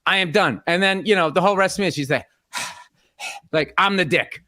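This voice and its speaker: A high, pushed, bright male voice at normal speed belongs to a middle-aged podcast host. His segment is a comedic storytelling rant, exasperated and profane, about his wife.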